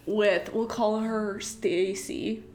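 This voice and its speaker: A woman's voice: medium pitch, steady tone, slow pace, darkish tone, faint music behind. A young woman telling a long story in casual chat, rambling and packed with filler words.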